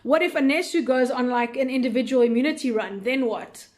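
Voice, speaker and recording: Female host, a touch high-pitched, casual live Q&A, rambling and unsure. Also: brisk, a little mellow. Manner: thinking aloud, many fillers, unsure and chatty. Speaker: recap show host answering viewer questions.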